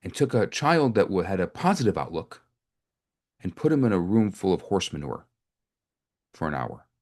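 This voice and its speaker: Rabbi telling stories in conversational sermon. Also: male voice, low-pitched, sing-song, moderate pace, a little mellow. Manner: conversational, with frequent restarts and repetitions. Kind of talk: storytelling sermon to a live group.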